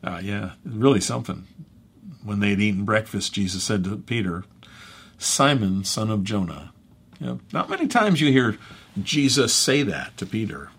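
A man speaking as a pastor, teaching through a scripture passage in a conversational, halting way and correcting himself as he goes. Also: on the low side, big pitch swings, vocal fry, fairly bright tone, husky. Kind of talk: bible teaching.

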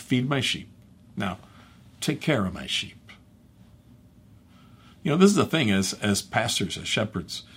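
Casting: low, husky male pastor with a conversational, halting teaching delivery. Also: a bit bright. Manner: conversational, halting, with fillers and self-corrections. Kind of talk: bible teaching.

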